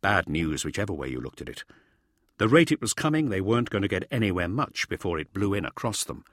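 A man's voice: low-pitched, sing-song, fast talker, a bit bright, no echo. A man narrating a fantasy audiobook with vivid, dramatic storytelling.

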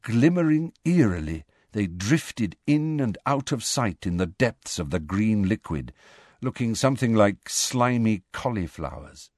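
A man reading a novel aloud as an audiobook narrator, in a measured storytelling manner. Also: fairly low pitch, big pitch swings, darkish tone, dry recording, clean studio sound. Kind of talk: scripted narration.

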